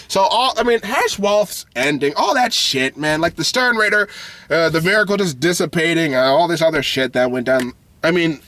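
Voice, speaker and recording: Man, frustrated vlog rant, swears a lot, bright sharp tone, dry close sound. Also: a little high, no room sound. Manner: heated, profane and frustrated, with frequent laughter. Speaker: anime video creator. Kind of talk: ranting reaction vlog.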